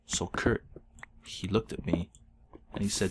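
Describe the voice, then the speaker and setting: A man hosting a gaming video, telling an absurd made-up story in a deadpan, mock-solemn way that breaks into laughter. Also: low-pitched, measured pace, pauses often, a little hiss or hum. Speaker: Let's Play host. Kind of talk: absurd tall-tale storytelling while gaming.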